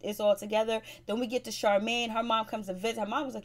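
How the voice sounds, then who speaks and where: Casting: slightly high-voiced woman for a gossipy, casual TV recap host. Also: fairly even intonation, fast. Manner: chatty, gossipy, gives blunt advice.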